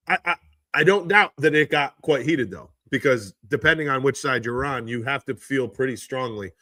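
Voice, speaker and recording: A man hosting a casual live stream from his phone, reading out statistics and ranting in exasperation, his pitch jumping high when he gets indignant. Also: moderate pace, bright, forceful tone, no echo, clean studio sound. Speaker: livestream host. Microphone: handheld phone.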